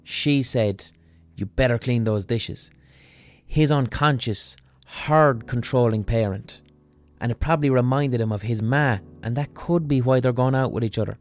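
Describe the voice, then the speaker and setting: A man's voice: mid-range voice, moderate pace, faint music behind. Blunt sweary man. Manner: blunt and profane. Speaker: podcast host. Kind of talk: casual explanatory monologue.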